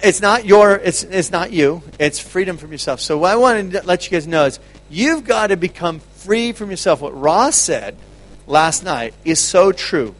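A man with a high voice gives an animated teaching talk to a gathered group. He laughs often and stumbles over repeated words as he tells his stories. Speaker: ministry speaker.

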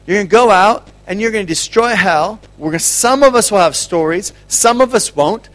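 A man giving an energetic teaching talk to a group, laughing often and repeating words as he goes. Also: high-pitched, moderate pace. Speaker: ministry speaker.

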